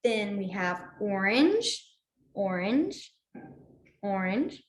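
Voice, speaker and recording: A woman's voice: medium pitch, very animated, extremely slow, echoey room. A young woman teaching a sign language class online, chatty, apologetic and easily sidetracked, laughing often.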